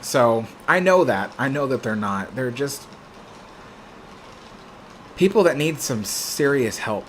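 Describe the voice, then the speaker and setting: Young man, stream host, mid-pitched, lively storyteller, casual chat. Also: slow pace, long pauses, a little hiss or hum. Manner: animated anecdote telling.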